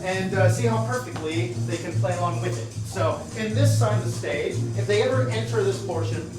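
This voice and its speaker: A man's voice: sits high, brisk. A man hosting an improv comedy show, explaining the games loosely with many fillers. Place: comedy club stage. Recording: echoey room, distant mic, loud music.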